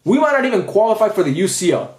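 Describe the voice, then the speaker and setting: A man's voice: high voice, sing-song, fast talker, roomy sound. A young man ranting after a football match as a fan vlogger, frustrated and repetitive, swearing often. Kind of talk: post-match rant.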